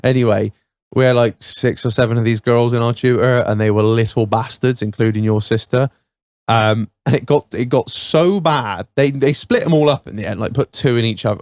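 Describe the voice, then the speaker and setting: A man's voice: mid-range voice, no room sound. A man co-hosting a podcast, telling school stories in a sweary, laughing, casual chat. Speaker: podcast co-host.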